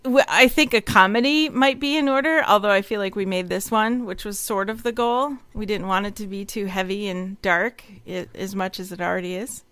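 A woman hosting a relaxed wrap-up chat after a group reading, chatty and giggly, with many fillers. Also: medium pitch, moderate pace, few pauses, smooth, no room sound. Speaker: host and organizer of the reading. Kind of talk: casual stream wrap-up chat.

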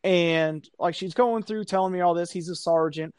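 A man, casually telling a long story on a podcast, animated and profane, acting out the people he quotes. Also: high voice, moderate pace, clear, resonant tone, dry recording, studio quality.

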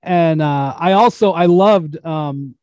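A man hosting a sports podcast, telling stories in an animated way, laughing and acting out what other people said. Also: a little high, takes it slowly. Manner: animated storyteller who laughs and acts out quotes. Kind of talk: casual basketball chat.

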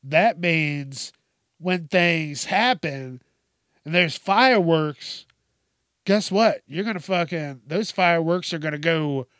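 A man's voice: high voice, fairly bright tone, no echo, studio quality. A man hosting a comedy podcast, talking crudely and playfully, often laughing at his own jokes. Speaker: podcast host. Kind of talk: crude stand-up style monologue.

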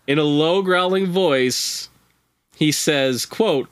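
A man's voice: on the high side, slow, clear, resonant tone, no echo. A man who is a podcast guest, telling a strange story in laid-back, casual chat with profane, wry asides.

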